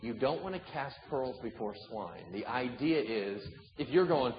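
Animated male preacher in an echoey hall. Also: medium pitch, moderate pace, hardly any pauses. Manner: animated preaching with humor and acted-out dialogue. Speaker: pastor. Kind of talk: sermon. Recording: echoey hall, dull sound, faint noise.

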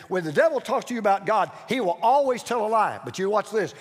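A male pastor preaches with a high voice and a lively, wide-ranging delivery. He leans on repetition and swings between loud emphasis and hushed asides. His voice rings through a church hall with long reverb. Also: fast. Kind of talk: sermon. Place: church sanctuary.

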